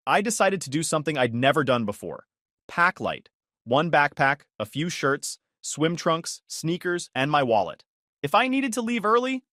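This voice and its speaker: Lively, sarcastic male storyteller. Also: mid-range voice, no room sound, studio quality. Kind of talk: first-person story narration.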